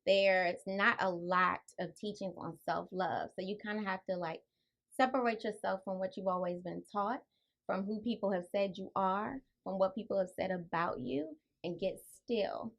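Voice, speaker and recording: Soft-voiced woman, author guest, calm and unhurried. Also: creaky. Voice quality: soft, low-volume voice. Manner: calm, spiritual, unhurried explaining. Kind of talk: radio interview answers.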